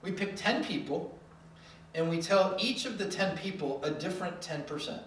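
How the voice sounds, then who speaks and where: A preacher giving a sermon in a lively way, acting out quoted voices with humor. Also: medium pitch, moderate pace, slight background noise. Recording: echoey hall from far off.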